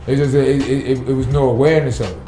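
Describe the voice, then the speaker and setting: Fast, fired-up man, roomy sound. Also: mid-range voice, steady tone, warm tone, faint music behind. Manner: blunt, profane, fired-up. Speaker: city sanitation worker, guest. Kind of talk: casual podcast interview.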